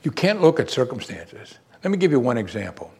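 A man preaching a sermon, emphatic and animated, asking the congregation rhetorical questions. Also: mid-range voice, a little fast, slightly rough. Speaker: pastor.

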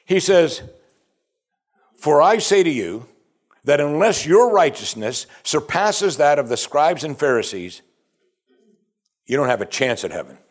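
A man preaching a sermon, reading scripture aloud and asking pointed questions, often dropping to a hushed voice on key points. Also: on the high side, big pitch swings, measured pace, long pauses.

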